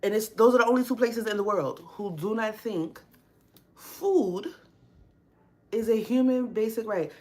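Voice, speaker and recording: A young woman hosting a casual livestream, ranting bluntly with frequent swearing and strong opinions. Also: medium pitch. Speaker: livestream host. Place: home workspace.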